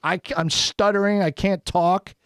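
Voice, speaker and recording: A man co-hosting a casual podcast chat, telling a story in an animated way and acting out what people said in a raised voice. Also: sits high, normal speed, clean tone, no room sound, studio quality. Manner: animated, acts out quotes in a raised voice. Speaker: podcast co-host. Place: studio.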